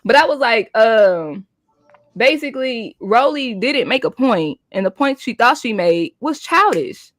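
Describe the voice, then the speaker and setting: Casting note: young woman, live recap host, blunt and profane, highish voice, dry close sound. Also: expressive, measured pace, dry recording.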